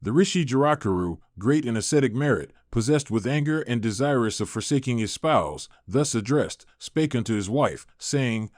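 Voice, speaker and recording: A man narrating an old epic translation in a measured, formal audiobook reading. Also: medium pitch, expressive, dry recording, clean studio sound.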